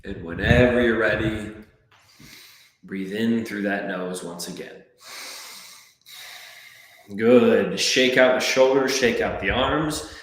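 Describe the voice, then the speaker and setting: A man coaching a breathwork class, calmly counting and giving gentle step-by-step cues. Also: fairly low pitch, slow, pauses often. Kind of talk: guided breathwork class instruction. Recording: very echoey room.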